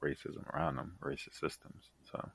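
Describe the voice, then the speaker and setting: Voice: normal speed, fairly bright tone, no echo. A young podcast co-host in laid-back, skeptical casual chat.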